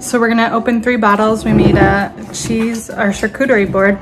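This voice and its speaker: A woman's voice: on the high side, fairly even intonation, normal speed, noisy background. A young woman, a nurse, chatting casually in a vlog at home and laughing often. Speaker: travel nurse vlogger. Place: home living room.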